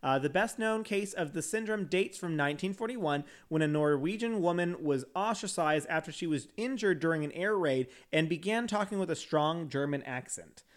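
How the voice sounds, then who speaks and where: Guy reading an article out loud on a podcast, kinda high voice, keeps stumbling and laughing it off. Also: animated, moderate pace, few pauses. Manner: stumbles over words and restarts, laughs at himself. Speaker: podcast host. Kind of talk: reading an article aloud with casual asides.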